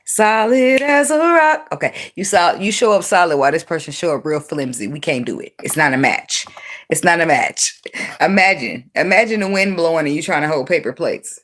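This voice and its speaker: A woman giving an unscripted tarot reading in a blunt, profane, animated way, breaking into laughs often. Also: deep voice, brisk. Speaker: tarot reader.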